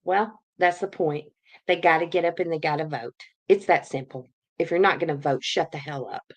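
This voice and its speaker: A woman's voice: low voice, normal speed. A woman hosting a livestream, delivering a heated, profane political rant full of repetition. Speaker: livestream host.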